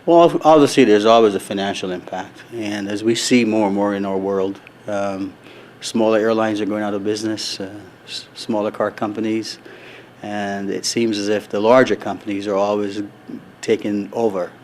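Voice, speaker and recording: A middle-aged man answering interview questions at a convention in an earnest, measured way, with many fillers and restarts. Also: on the low side, steady tone, a little mellow, a little hiss or hum. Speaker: resort executive, interview guest. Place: convention floor.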